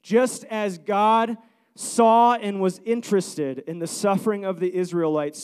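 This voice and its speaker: Male pastor, thirties, high voice, earnest sermon delivery that swells into pleading repetition. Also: unhurried, darkish tone, clear, resonant tone. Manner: earnest, repetitive, rising to fervent pleas.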